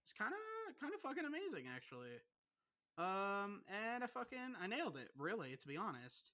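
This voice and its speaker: A young man co-hosting a podcast, ranting with constant swearing in an animated, aggrieved way. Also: sits high, brisk. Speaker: podcast co-host. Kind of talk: casual profane podcast rant.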